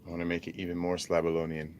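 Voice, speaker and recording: Very deep-voiced man rambling on a livestream. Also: monotone, very fast, a little mellow, slight background noise. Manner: rambling, filler-heavy talk. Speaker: vlogger livestreaming from a desert camp. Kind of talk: casual livestream chat. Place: outdoors at a desert skate park camp.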